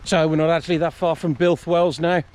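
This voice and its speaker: A chatty British man talks through his hike in a casual vlog, joking and teasing as he goes. His voice sits a touch high, and a faint hiss of outdoor noise runs under it. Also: steady tone, fairly quick, darkish tone. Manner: chatty, jokey, self-mocking. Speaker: hiking vlogger. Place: outdoors on a countryside trail.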